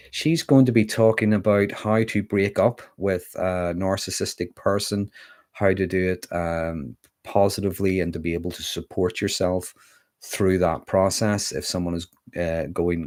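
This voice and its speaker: Deep-voiced man explaining calmly. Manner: calm, explanatory, with frequent fillers. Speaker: livestream host on mental health. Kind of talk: casual livestream talk.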